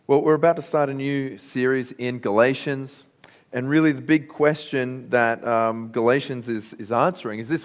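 A man's voice: mid-range voice, steady tone, normal speed. A man with an Australian accent preaching a sermon, telling stories in a conversational way. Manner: conversational storytelling. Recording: long reverb in a hall.

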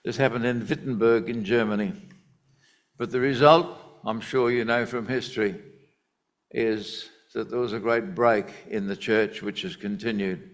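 A man preaching a sermon, teaching from the Bible in a deliberate, emphatic way. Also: on the low side, steady tone.

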